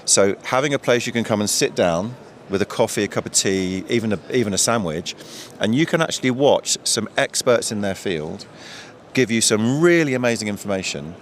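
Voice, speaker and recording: Fluent, lower-voiced male events presenter. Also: expressive, brisk, a little hiss or hum. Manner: fluent, enthusiastic. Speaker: live events host and presenter. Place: exhibition stage area.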